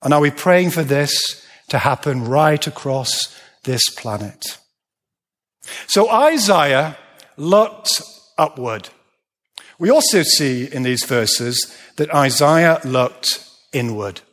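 A man preaching a sermon, emphatic, slowing down and dropping low to stress his words. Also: lively intonation, a bit bright. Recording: long reverb of a large hall.

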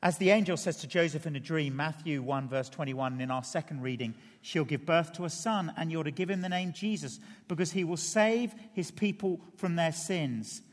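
A middle-aged man preaching a sermon, earnest and building to emphatic peaks before dropping quiet. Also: on the high side, normal speed, hardly any pauses, long reverb tail. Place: large church hall.

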